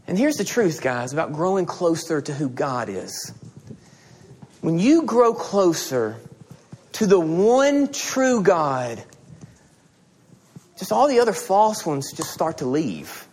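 A man's voice: a little high, slow pace, pauses often, a little hiss or hum. A middle-aged man preaching a sermon, telling stories and acting out the dialogue in them. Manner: animated storytelling, acting out dialogue. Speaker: pastor.

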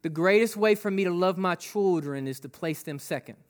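Male pastor with a high voice, preaching conversationally, full of rhetorical questions. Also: a little fast. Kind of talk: sermon.

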